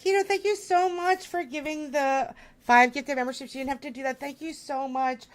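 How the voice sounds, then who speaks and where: A woman's voice: high-pitched, fairly even intonation, moderate pace. A woman hosting a live stream, gushing and flustered as she thanks her viewers.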